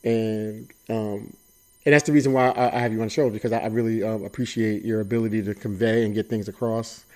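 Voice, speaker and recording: A man hosting an interview show, speaking haltingly and repeating words as he builds toward his questions. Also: lowish voice, fairly even intonation, mellow. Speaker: podcast host. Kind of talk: casual interview chat. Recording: tinny phone line.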